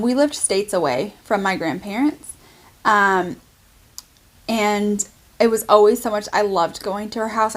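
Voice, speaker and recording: A woman chats casually to camera while she shows off items she has bought. Her voice sits in an ordinary middle pitch, and she gushes freely, padding her talk with lots of filler words. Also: a bit bright. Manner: chatty, full of "like" fillers, gushing. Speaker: channel host. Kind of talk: casual haul vlog.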